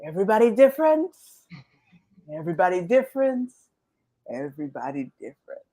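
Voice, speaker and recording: A woman voicing a calm self-soothing mantra in a mock Jamaican accent, repeated in a sing-song way. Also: medium pitch, brisk.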